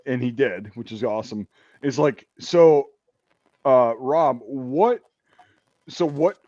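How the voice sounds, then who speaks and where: A man's voice: mid-range voice, expressive, slow, darkish tone, no echo, dull audio. An American man hosting a casual chat, rambling with lots of fillers and some swearing. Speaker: podcast host.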